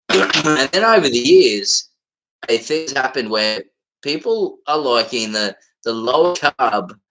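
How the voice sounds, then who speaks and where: A man with a strong Australian accent talks loosely on a livestream, his voice bright and forward. He rambles and swears freely, and his speech is full of fillers and restarts. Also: mid-range voice, low-quality recording. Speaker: livestream host. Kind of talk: casual livestream chat.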